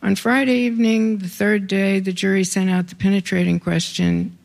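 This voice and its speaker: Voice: medium pitch, little pitch movement, normal speed, gravelly. An author reading their own prose aloud to a live audience, with wry, conversational asides between passages.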